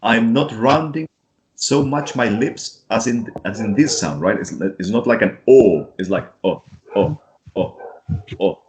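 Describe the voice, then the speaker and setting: A man from Chile, an English teacher patiently modelling vowel sounds and checking in with his student. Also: mid-range voice. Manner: patient, repeats sounds slowly, keeps checking with "right?". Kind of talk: pronunciation lesson.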